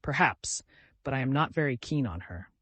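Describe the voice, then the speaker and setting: A man's voice: medium pitch, expressive, normal speed, husky, dry recording. A man voicing a bitter, irritable young man. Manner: sharp, angry outbursts.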